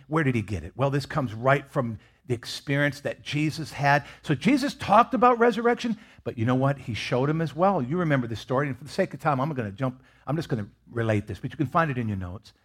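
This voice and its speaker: A man preaching a sermon as pastor, expressive, swinging between loud emphasis and hushed, near-whispered lines. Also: mid-range voice, a little fast, few pauses, slightly rough.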